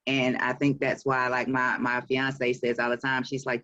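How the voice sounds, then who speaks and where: A woman's voice: extremely low pitch, monotone, moderate pace, fairly bright tone, dry recording, highs cut off. A woman in her forties with a Southern US accent, an author talking about her work in a casual interview, chatty and laughing often. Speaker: author and publisher.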